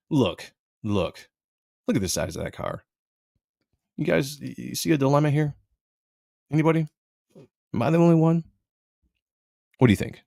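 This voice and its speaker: A man hosts a live stream in a blunt, sarcastic commentary style, stopping to read out viewers' comments. His voice is gravelly and swings widely in pitch. The sound is dry and close, with no room around it. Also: expressive, normal speed, long pauses, a little mellow, no room sound. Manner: blunt, sarcastic, reads chat aloud. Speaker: live show host.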